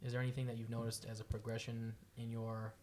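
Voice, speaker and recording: A woman hosting a podcast, asking questions in a halting way and rephrasing as she goes. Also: extremely low pitch, completely flat delivery, darkish tone, a little hiss or hum. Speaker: podcast host. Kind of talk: casual interview questions.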